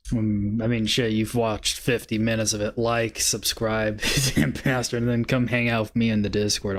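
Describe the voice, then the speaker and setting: Slow-talking man reviewing charts. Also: mid-range voice. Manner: laid-back, muttering, bursts of swearing laughter. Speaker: trading stream host. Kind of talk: casual live-stream market commentary.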